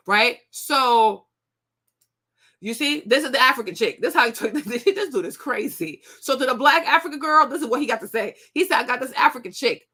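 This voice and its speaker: A woman in her thirties hosts a commentary show, chatting casually to viewers in a fairly high-pitched voice. She is animated and repetitive and laughs often.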